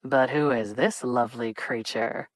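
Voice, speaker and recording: A woman's voice: extremely low pitch, steady tone, no echo, voice pushed down. A woman doing a smug, drawling young playboy. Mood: teasing. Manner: slow, drawling and theatrical. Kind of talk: audiobook character reading.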